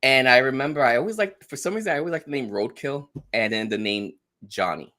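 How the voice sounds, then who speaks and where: A man's voice: medium pitch, expressive, quick pace, pushed and bright. A middle-aged man from the Bronx with a New York accent, a guest chatting bluntly and straightforwardly in an interview, laughing often. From the Bronx, New York City. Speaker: guest streamer. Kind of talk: casual interview chat.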